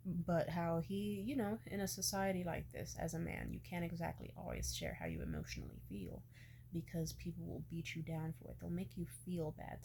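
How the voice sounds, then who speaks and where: A woman's voice: on the low side, darkish tone, slight background noise. A young woman in her twenties telling a personal story in a casual way, candid and emotional, swearing freely. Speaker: vlogger.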